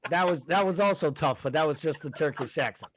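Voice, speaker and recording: A man's voice: fairly high pitch, brisk, no echo. A man with a slightly raised voice speaks bluntly on a podcast, with a mocking, sarcastic edge. His voice is close and dry, with no room sound. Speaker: podcast co-host. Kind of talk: casual podcast chat.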